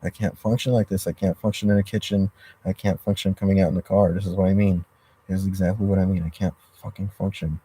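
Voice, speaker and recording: A man's voice: low-pitched, warm tone, slightly rough. A man sitting in a parked car during a livestream, reading chat comments and venting in a rambling, profane, frustrated way. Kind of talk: rambling live-stream chat. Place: inside a parked car in a driveway.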